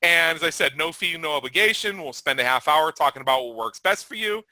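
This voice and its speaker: A man's voice: fairly high pitch, lively intonation, a little fast, bright, forceful tone, no echo, rough recording. A man hosting a webinar presentation, talking through his scheduling page and answering questions in an upbeat, salesy manner. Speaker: webinar host.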